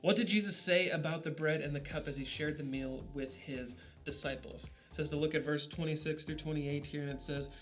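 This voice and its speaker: Casual rambling man, slightly high voice. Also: fairly quick, few pauses, soft background music. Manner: relaxed, rambling, full of "like" and "kinda". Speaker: devotional leader. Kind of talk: casual devotional teaching.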